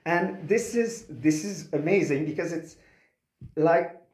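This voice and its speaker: A man's voice: on the high side, darkish tone, echoey room. A man with a Québécois French accent, a native French speaker and opera singer, speaking in an interview with many hesitant restarts. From Quebec. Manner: halting, many restarts and fillers. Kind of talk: interview conversation.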